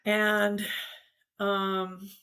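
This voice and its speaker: A woman's voice: mid-range voice, completely flat delivery, very slow, sharp tone, smooth. A middle-aged woman hosting a casual conversation, telling a personal story with many restarts. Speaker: host.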